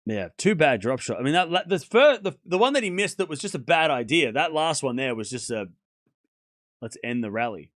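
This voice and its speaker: A high, lively male voice calls a tennis match shot by shot for a live watchalong stream, with his pitch leaping on big points. His tone is bright and sharp, and he sits close to the mic in a dry room. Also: fairly quick, hardly any pauses, dry recording. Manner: excitable, animated, calls each shot. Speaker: watchalong commentator. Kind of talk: live play-by-play commentary.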